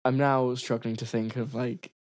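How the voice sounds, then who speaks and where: Giggly rambling low-voiced woman. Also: little pitch movement, normal speed, a little mellow. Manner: giggly, rambling, full of "like" and restarts. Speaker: podcast guest. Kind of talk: casual chat.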